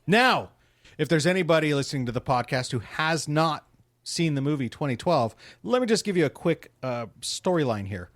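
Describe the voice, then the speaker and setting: A man's voice: on the high side, expressive, moderate pace, a bit bright, no room sound, clean studio sound. A man hosting a casual podcast chat, joking and laughing easily with his co-hosts. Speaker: podcast host.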